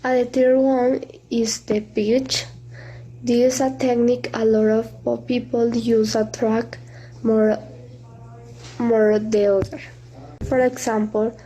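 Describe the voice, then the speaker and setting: A student woman presents a recorded class video. She speaks slowly and carefully, in halting English, with a slightly high, mellow voice. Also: flat delivery, low-quality recording.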